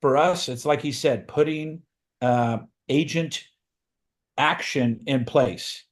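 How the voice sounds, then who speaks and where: A man's voice: mid-range voice, slow. A man giving a motivational training talk as a recruiting coach, speaking emphatically and driving home his points by repeating phrases. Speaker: real estate recruiting coach.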